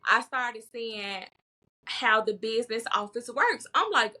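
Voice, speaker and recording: A woman with a fairly high, vivid and forceful voice talks candidly as a guest. She is bold and vocal, doubling back on words for emphasis in a relaxed podcast conversation. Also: unhurried. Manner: bold, emphatic, repeats words when stressing a point. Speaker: herbalist guest.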